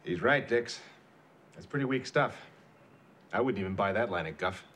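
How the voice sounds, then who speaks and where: An actor playing a wry 1940s police detective with a dry, slangy manner. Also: male voice, fairly low pitch, expressive, normal speed, a bit bright. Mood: skeptical. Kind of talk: TV drama acting.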